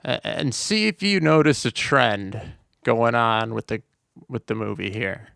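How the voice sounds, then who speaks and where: A man's voice: medium pitch, expressive, measured pace, creaky, a bit bright, dry recording, clean studio sound. A man co-hosting a podcast, chatting casually about a movie and rambling with lots of "like" and restarts. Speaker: podcast co-host.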